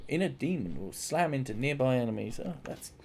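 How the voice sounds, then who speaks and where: A man's voice: medium pitch, sing-song, brisk, vocal fry, darkish tone, slight background noise. A man giving casual, rambling gameplay commentary as a streamer. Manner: rambling, chatty, self-mocking.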